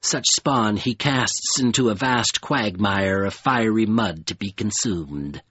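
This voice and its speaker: A cold, dusky crawling creature made of mud, heaving out grave and halting words, as a man reads it in an audiobook. The voice is husky, and the recording sounds dull and close. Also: lowish voice, a bit bright, no echo, full character voice. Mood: mournful. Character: slimy mud-creature, cold and fearful, pleading. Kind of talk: audiobook character voice.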